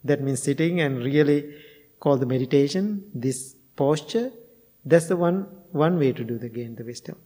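Monk giving a dharma talk, long reverb. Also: male voice, medium pitch, expressive, moderate pace, warm tone. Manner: chuckles often, non-native phrasing. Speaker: Buddhist monk and meditation teacher. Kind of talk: dharma talk with personal stories.

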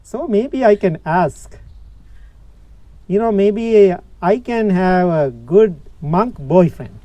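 High-voiced, mellow male teacher. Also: expressive, dry recording, dull audio. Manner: slow, simple phrasing with frequent laughs and questions to listeners. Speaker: Buddhist teacher. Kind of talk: dharma talk storytelling.

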